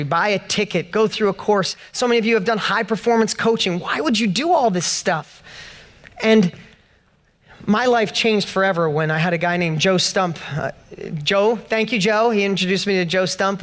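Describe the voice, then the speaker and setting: Speaking to a live crowd at an event, this man gives a motivational speech built around a passionate personal story. His voice is notably high and a bit bright, and it rises in pitch and intensity to emphatic peaks as he drives each point home.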